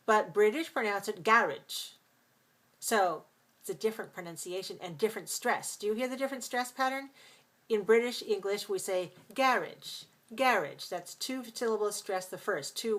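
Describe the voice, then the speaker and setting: A woman teaching English pronunciation in a live class, patiently explaining sounds step by step and repeating words slowly. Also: mid-range voice.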